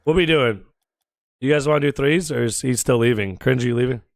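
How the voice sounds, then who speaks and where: An American man streaming a game and chatting casually with his viewers, joking, teasing and firing off quick questions. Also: mid-range voice, vocal fry, no room sound, studio quality. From United States. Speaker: gaming streamer.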